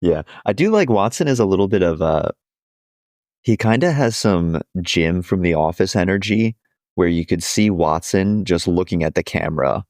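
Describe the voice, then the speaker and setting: Low-voiced laughing man hosting a podcast. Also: lively intonation, normal speed, darkish tone, no echo, clean studio sound. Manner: chatty and laughing, with hesitant restarts. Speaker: podcast host. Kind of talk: casual chat.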